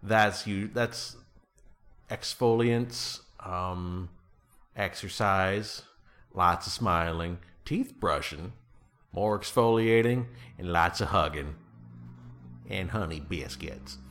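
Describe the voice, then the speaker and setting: Dry-humored man with a bright voice. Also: low voice, slow. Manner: dry, playful humor with deadpan answers. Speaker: guest. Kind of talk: casual chat.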